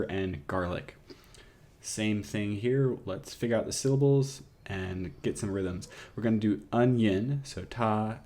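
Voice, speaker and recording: Male music teacher, lowish voice, steady step-by-step classroom explaining. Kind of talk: classroom lesson.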